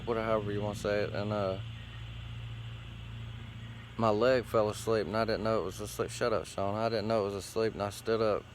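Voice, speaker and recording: A man with a fairly low voice talks in a loose, meandering way, cursing freely and stringing thoughts together with fillers. He sits outdoors against a tree, and faint ambient sound drifts in behind him. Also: slight background noise. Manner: loose, profane, meandering talk with frequent fillers. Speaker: host. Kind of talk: casual rambling monologue.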